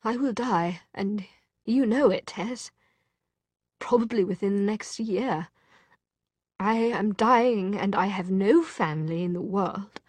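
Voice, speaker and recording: Brief: dying young man, low near-hiss, slow and dry, read by a woman narrator. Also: darkish tone, breathy edge, dry recording. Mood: detached. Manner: low, near-hissing intensity. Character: young man, gravely ill, bitter and despairing.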